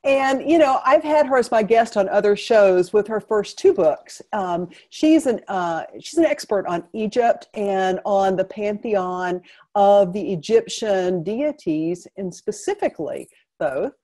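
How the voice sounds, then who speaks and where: Effusive woman hosting a talk show, mellow. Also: medium pitch, lively intonation, measured pace. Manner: effusive, laughs often. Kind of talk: casual live interview.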